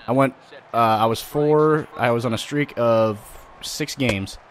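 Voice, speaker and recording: A man hosting a gaming channel, giving loud, vulgar, excitable commentary while he plays. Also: medium pitch, a little slow. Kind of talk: let's play commentary.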